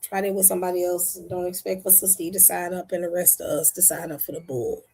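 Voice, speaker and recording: A husky-voiced woman, talking straight to her viewers. She is blunt and impassioned and hammers her points home by repeating them, all in a loose, casual commentary style. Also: fairly low pitch, little pitch movement, fast talker, mellow. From United States. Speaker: online show host.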